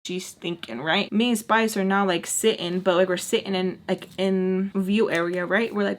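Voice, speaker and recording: A woman in her twenties telling a story on her vlog in a lively, casual way, full of "like" and swearing. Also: mid-range voice, unhurried. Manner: animated, filler-heavy, swearing. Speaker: vlogger.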